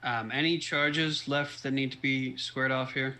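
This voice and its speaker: A man's voice: mid-range voice, steady tone, measured pace, pushed and bright, low-quality recording. A man voicing an easygoing male adventurer in a tabletop game, speaking hesitantly. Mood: calm.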